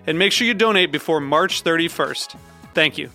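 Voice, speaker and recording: A man reading a station's donation appeal in an earnest, even manner. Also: fairly high pitch, normal speed, soft background music. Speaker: station fundraising announcer.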